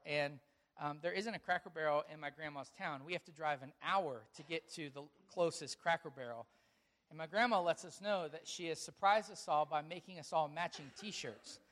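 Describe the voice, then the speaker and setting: A man, a pastor, preaching a sermon that opens with a lively personal story told through quoted dialogue. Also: fairly high pitch. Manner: storytelling, animated, quoting others in dialogue.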